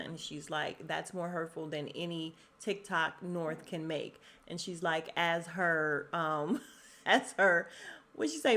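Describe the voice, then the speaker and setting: A woman's voice: fairly low pitch, fairly bright tone. A woman hosting a podcast, ranting casually about celebrity news, chatty and laughing often as she talks to her listeners. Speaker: podcast host. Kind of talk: casual celebrity gossip rant.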